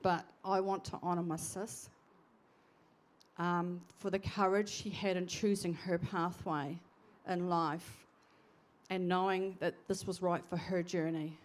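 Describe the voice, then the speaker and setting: Halting, heartfelt woman in her sixties. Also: lowish voice, little pitch movement. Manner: halting, heartfelt, trailing off mid-sentence. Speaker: eulogy speaker, sister of the deceased. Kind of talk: memorial eulogy. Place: church memorial service.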